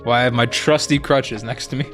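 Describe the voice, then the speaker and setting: A young man casually telling a story as a co-host, rambling with lots of fillers and quoting people in animated bursts. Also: medium pitch, brisk, faint music behind.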